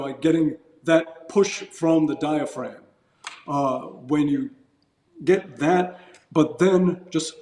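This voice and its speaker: A man's voice: fairly high pitch, darkish tone. A man, a guest musician, explaining at length in a casual podcast interview, chuckling now and then. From United States. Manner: rambling, explanatory, chuckles while talking. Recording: echoey room.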